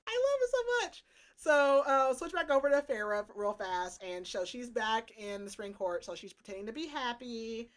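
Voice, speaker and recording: A woman's voice: on the high side, normal speed. Chatty young woman recapping a book. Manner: animated, full of "like" and "um". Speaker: podcast co-host. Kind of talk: casual book recap chat.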